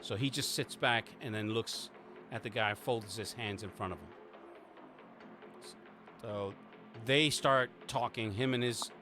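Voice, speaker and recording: A man's voice: medium pitch, measured pace, sharp tone, faint music behind. A man narrating as game master, rambling with lots of restarts and casual swearing.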